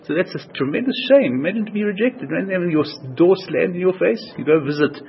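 A man's voice: sits high, expressive, fast talker, gravelly, breathy edge, highs cut off. A man teaching a religious text in an earnest, repetitive way, restating each phrase as he explains it. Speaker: Torah teacher.

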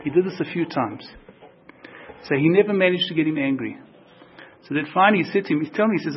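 A man teaching a Torah class, telling stories in an animated way, repeating phrases and acting out the quotes. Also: a little high, fast, pauses often, highs cut off, a little hiss or hum.

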